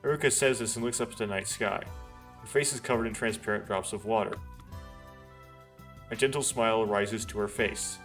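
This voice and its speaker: A man's voice: lowish voice, normal speed, long pauses, fairly bright tone, faint music behind. A man hosting a let's play, reading a visual novel aloud in an earnest, dramatic way, with small restarts and wry asides.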